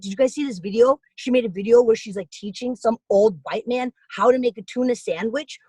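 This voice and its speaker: A woman's voice: medium pitch, normal speed, a little mellow, dry recording, low-quality recording. A young woman on a video call, giving a rambling, jokey comic monologue with big swings of voice. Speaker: comedian guest on video call.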